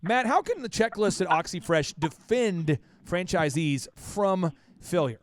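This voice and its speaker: A man's voice: high voice, lively intonation, a little slow. A man hosting a podcast, telling a story in casual chat and acting out quotes with big exaggerated voices. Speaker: podcast host.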